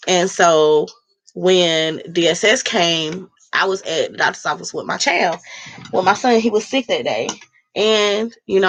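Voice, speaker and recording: A woman's voice: on the low side, a bit bright. Blunt, profane woman ranting on her vlog. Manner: blunt, profane, heated storytelling. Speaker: vlogger. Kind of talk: casual vlog rant.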